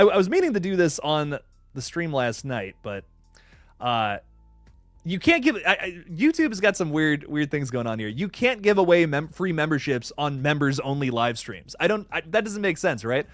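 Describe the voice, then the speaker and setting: A young adult man, hosting a casual live stream and chatting in an excitable, rambling way with many fillers. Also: on the high side, moderate pace, no echo, soft background music. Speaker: horror news streamer.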